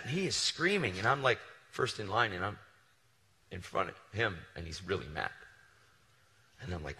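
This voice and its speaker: A male preacher with a fairly low voice and a bright, forceful tone, telling a story in an animated and casual way. His sermon rings out with the long reverb of a big hall. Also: moderate pace, pauses often. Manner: casual and animated, slangy asides.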